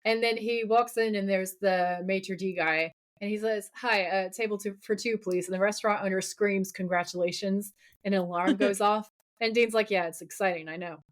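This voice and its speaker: A woman co-hosting a podcast in casual chat, recapping a TV episode with lively, laughing quotes of the characters. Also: mid-range voice, moderate pace, few pauses. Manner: animated, laughing, quoting characters in playful voices.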